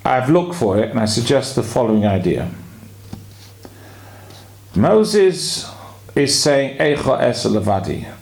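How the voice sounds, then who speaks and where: A rabbi giving a weekly sermon, explaining his points in a measured way with drawn-out pauses. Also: medium pitch, sing-song, gravelly, a little mellow.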